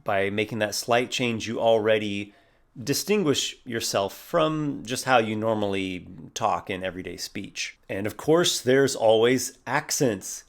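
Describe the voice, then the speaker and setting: Casting: encouraging male tutorial host, somewhat low voice, friendly and demonstrative. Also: a little slow, creaky. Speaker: YouTube creator teaching role-play. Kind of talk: tutorial talk to camera.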